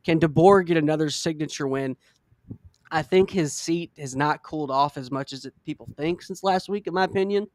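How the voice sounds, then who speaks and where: A man's voice: fairly high pitch, brisk, dry recording, clean studio sound. A man hosting a casual sports podcast, rambling a bit and saying "man" often. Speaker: podcast host.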